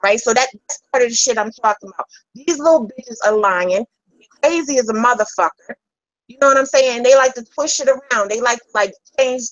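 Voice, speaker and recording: A woman's voice: on the high side, a little fast, no room sound, dull audio. Heated woman ranting, dry close sound. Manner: heated, profane, confrontational. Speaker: livestreamer addressing critics. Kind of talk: angry livestream rant.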